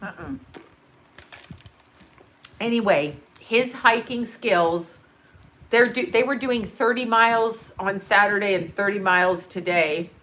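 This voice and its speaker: A middle-aged woman hosting a casual livestream, telling a rambling, excitable story full of fillers. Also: mid-range voice, takes it slowly, long pauses. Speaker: channel host.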